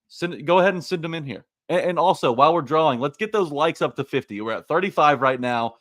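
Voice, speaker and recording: Animated sports podcast co-host. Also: male voice, on the high side, quick pace, dry recording, studio quality. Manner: animated, talks to the live chat. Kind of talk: casual live-stream chat.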